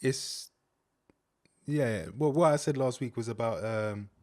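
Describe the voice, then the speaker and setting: A man's voice: medium pitch, slow, a little mellow, dry recording. A man co-hosting a casual podcast, laid-back and drily teasing. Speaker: podcast co-host.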